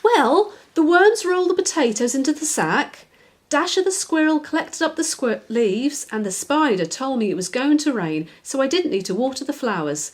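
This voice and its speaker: A woman voicing an eager, curious little girl in a children's storybook reading, in a high, earnest childlike voice. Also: very animated, normal speed. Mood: explaining.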